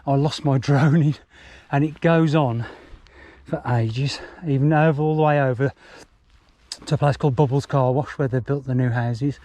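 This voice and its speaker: A mountain biker vlogger from England keeps up casual, sweary commentary on country trails, captured by his bike camera. He speaks at normal speed in a steady, dark, medium-pitched voice with no room sound, while wind and traffic are audible on the outdoor mic.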